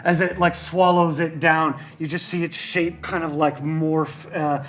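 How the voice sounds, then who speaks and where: A man's voice: fairly high pitch, flat delivery, unhurried, a bit bright. A man narrating a tabletop game as game master, in a loose, rambling way full of fillers.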